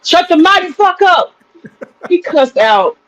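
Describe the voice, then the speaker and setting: A man's voice: very high voice, sing-song, a little slow, fairly bright tone, rough recording. A man chats on a livestream panel in a loose, profane way. He laughs often and circles back on his own phrases. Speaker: streamer and panel host. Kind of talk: casual livestream panel chat.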